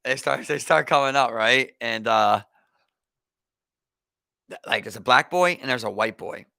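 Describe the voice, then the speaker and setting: A young man with a Baltimore accent, hosting a podcast and telling a story in animated, profane slang, acting out the people in it. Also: medium pitch, unhurried, vocal fry, dry recording. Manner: animated, profane street slang, acts out quotes. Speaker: podcast host. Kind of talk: casual chat, storytelling.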